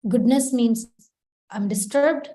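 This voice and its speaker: A woman's voice: fairly high pitch, slow, dark tone. A woman giving a devotional lesson as a spiritual teacher, explaining patiently and acting out short example quotes.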